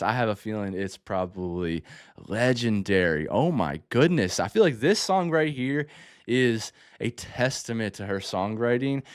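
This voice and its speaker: A man's voice: mid-range voice, smooth, no echo, clean studio sound. A man hosting a music reaction, talking casually and enthusiastically, often exclaiming between thoughts.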